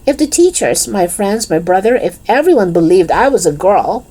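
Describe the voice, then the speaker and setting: A woman's voice: medium pitch, big pitch swings, normal speed, warm tone, voice pushed up. A woman voicing a nervous, awkward schoolboy in a storybook. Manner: awkward and hesitant. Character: nervous schoolboy dressed as a girl.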